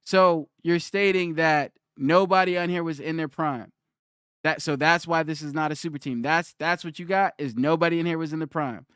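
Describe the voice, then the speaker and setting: A man's voice: a little high, fairly even intonation, moderate pace, a bit bright, clean tone, dry recording, studio quality. A young man on a live stream who argues with his chat, repeats his challenge and reads their comments aloud.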